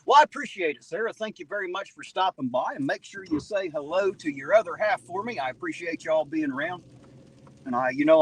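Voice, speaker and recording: A man with a southern Ohio twang, his voice sitting a touch high. He rambles in a folksy, cussing way to his live-stream viewers from behind the wheel, with a faint hum of the road underneath. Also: lively intonation, a little fast, rough recording. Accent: Southern Ohio, close to Kentucky and West Virginia. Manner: folksy, profane, jokey, chatty with viewers. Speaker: livestreaming auditor. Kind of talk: casual live-stream chat while driving. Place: in a car at night.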